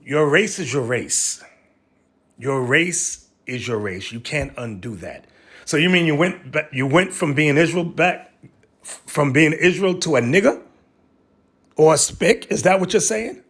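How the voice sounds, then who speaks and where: A man's voice: on the high side, animated, a little slow, fairly bright tone, breathy edge. A man giving a sermon, reading a document aloud and breaking off to address his listeners directly with emphatic commentary. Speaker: religious teacher.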